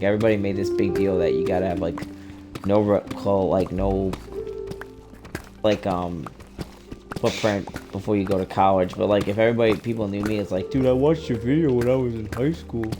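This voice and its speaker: Young dude streaming a game, lowish voice, rambly and sweary, music in the back. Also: male voice. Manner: loose, rambling, swears often. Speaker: gaming streamer. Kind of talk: casual gaming chat.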